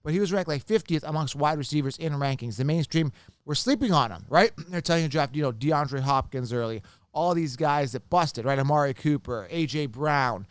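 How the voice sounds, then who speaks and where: Male podcast host, smooth clear voice, animated casual delivery, dry close recording. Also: a little high, a little fast, no echo. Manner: animated, repeats points, addresses viewers as guys. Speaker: fantasy football podcast host. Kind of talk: casual solo commentary.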